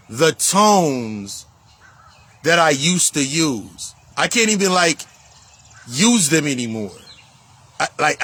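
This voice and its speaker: A man's voice: fairly high pitch, sharp tone, breathy edge, poor audio. A man talking as a life coach in a casual spiritual monologue, emphatic and profane, repeating himself for stress. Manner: emphatic, profane, repetitive street talk.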